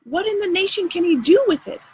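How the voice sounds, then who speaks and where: A woman's voice: fairly high pitch, lively intonation, normal speed, fairly bright tone, a little hiss or hum. A woman reading aloud and voicing a practical, doubtful boy who asks blunt questions in folksy dialect.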